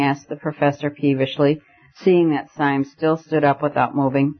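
A man giving a measured, scripted audiobook narration of a classic novel. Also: a little high, flat delivery. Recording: dull lo-fi recording.

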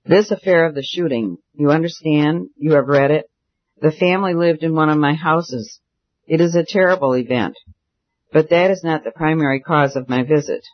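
A man's voice: on the high side, normal speed, no echo, close to an everyday voice. A man voicing a wealthy male landlord who is anxious and guilt-stricken, read in an audiobook. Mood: anguished. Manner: anxious confessional pleading. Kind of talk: audiobook character reading. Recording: dull dry recording.

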